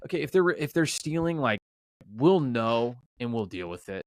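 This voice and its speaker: A man's voice: mid-range voice, lively intonation, moderate pace, darkish tone, dry recording. A man hosting a casual podcast interview, talking reflectively with many restarts. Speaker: podcast host.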